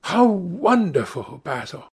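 An earnest, impressionable young gentleman, voiced by a man who speaks eagerly and a little higher. His delivery is slow, husky and full of lively pitch. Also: full character voice.

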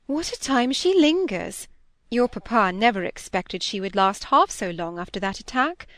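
A woman's voice: mid-range voice, animated, moderate pace, dry recording, lightly acted. A woman reading aloud and voicing a fussy, self-absorbed middle-aged stepmother who chatters and brushes off objections. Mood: chattering. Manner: chattering, dismissive, sharp.

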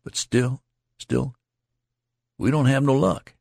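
A man's voice: low voice, animated, measured pace, no room sound, clean studio sound, voice pushed up, exaggerated voice. A man voicing a tired young soldier who speaks in a resigned rustic dialect. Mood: weary. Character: weary young male soldier, glum and resigned.

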